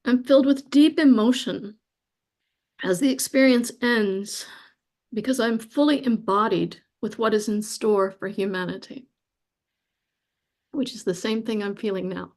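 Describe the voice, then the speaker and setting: A woman guest reading a spiritual account aloud in a slow, soft, reverent way, moved nearly to tears. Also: a little high. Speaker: guest speaker.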